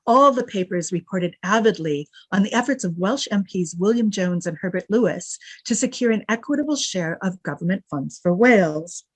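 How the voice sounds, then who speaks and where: A woman giving an academic lecture, reading quotes with lively emphasis and adding wry asides. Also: medium pitch, moderate pace, few pauses, dry recording. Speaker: guest lecturer.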